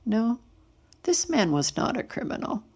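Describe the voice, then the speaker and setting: A woman narrating a Bible story in a steady, earnest storytelling manner. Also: on the high side, a little slow, breathy edge.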